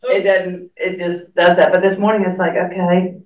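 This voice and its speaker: A man's voice: high-pitched, little pitch movement, moderate pace, a little mellow, muffled recording. Man chatting in an echoey room. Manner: chatty, thinking aloud with restarts. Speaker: class member. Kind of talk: group discussion. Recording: echoey room, far from mic.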